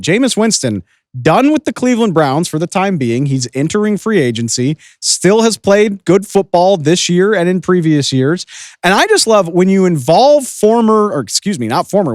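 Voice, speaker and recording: Lively, opinionated male podcast host. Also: on the high side, no echo, clean studio sound. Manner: enthusiastic, opinionated, chatty. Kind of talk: casual commentary.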